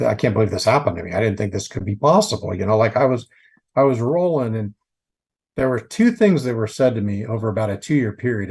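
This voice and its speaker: Guy in his 40s, husky voice, casual chatty storyteller on a podcast, says dude a lot. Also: on the low side, darkish tone. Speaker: podcast guest, entrepreneur.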